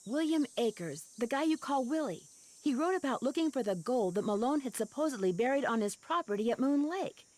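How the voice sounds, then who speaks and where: An actress voicing a young female detective in a video game, asking steady, inquisitive questions. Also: high-pitched, brisk.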